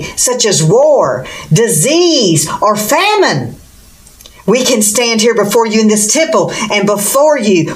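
A woman preacher delivers a fervent sermon in a bright, somewhat high voice. She exclaims often and asks rhetorical questions as she preaches.

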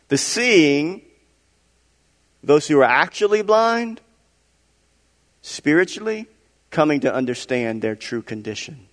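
Conversational male preacher in a reverberant hall. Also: medium pitch. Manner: conversational, asks rhetorical questions, reads aloud with asides. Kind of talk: sermon reading and explaining scripture.

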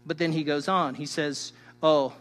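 A man preaching a sermon as a pastor, emphatic and teacherly, swinging between loud stresses and hushed asides while he speaks straight to his listeners. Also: a little high, fairly even intonation, moderate pace. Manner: teacherly, addresses the listeners directly. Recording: long hall reverb.

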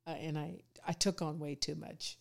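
A middle-aged woman with a low voice and a gravelly edge, guesting on a podcast. She talks in a relaxed, reflective way, pausing often and restarting her sentences as she thinks. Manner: reflective, many fillers and restarts. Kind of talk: casual podcast conversation.

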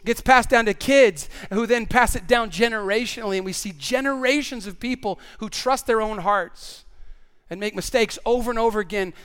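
A man's voice: sits high, fairly bright tone, clean tone. A male pastor preaching a sermon in an earnest way, often repeating words as he stresses a point.

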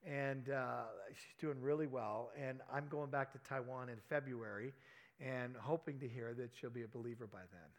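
A man's voice: mid-range voice, fairly even intonation, moderate pace. A man preaching by telling a personal story, chatty and anecdotal, with self-deprecating asides. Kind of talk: sermon storytelling.

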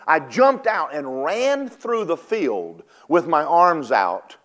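Older male preacher with a wide-ranging pitch and a folksy manner, swinging from loud exhortation to low, hushed storytelling. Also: big pitch swings, takes it slowly. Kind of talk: sermon.

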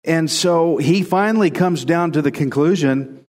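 A man preaching a casual, conversational sermon, animated and repeating phrases for emphasis. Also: on the high side, a little slow, big-room sound. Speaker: pastor.

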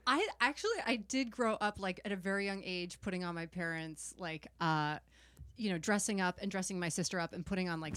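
A woman's voice: fairly low pitch, no echo. Bubbly woman actor chatting as a guest. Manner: bubbly, gushing, filler-heavy. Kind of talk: casual chat.

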